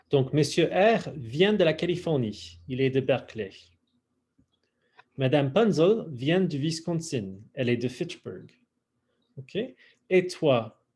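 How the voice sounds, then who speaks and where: Lively, husky-voiced French teacher. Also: male voice, on the high side. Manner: drawls y'all, drills phrases slowly. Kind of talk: online class teaching. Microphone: video call.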